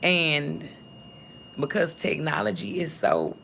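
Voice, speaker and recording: A woman vlogger, talking bluntly to her viewers, cursing and swinging between calm and heated. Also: deep voice, takes it slowly, vocal fry, a little hiss or hum. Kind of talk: casual talk to viewers.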